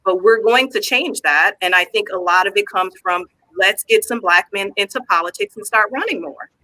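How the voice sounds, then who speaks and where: A man speaks on a podcast panel in an earnest, firm way. His voice is very bright and sharp, and the sound is dry, with no room echo. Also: sits high, normal speed. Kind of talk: casual discussion.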